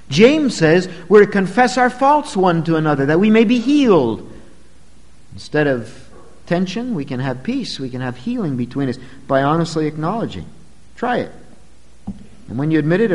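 Earnest preacher man in a reverberant hall. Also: a little high. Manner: earnest, emphatic, addresses the congregation directly. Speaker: pastor. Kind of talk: sermon.

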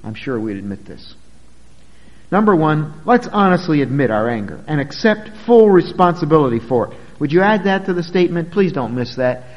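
Male pastor, slightly high voice, emphatic sermon delivery, echoing church sanctuary. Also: very animated, normal speed, muffled recording. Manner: earnest, emphatic, addresses the congregation directly.

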